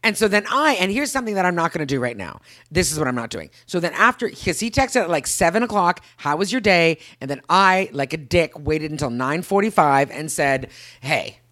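A woman in her thirties tells stories in casual chat, her voice leaping high and low as she acts out what others said. The sound is close and dry, with no room around it. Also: brisk, no echo. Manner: animated storyteller, acts out quotes with big pitch jumps.

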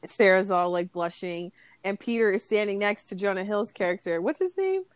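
A woman co-hosting a podcast, animated and slangy, laughing as she retells a movie scene. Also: medium pitch, moderate pace, clear, resonant tone, no room sound. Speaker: podcast co-host.

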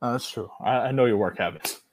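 A man in casual podcast chat, talking in a loud, hyped, bro-ish way as a guest. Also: mid-range voice, fast, breathy edge.

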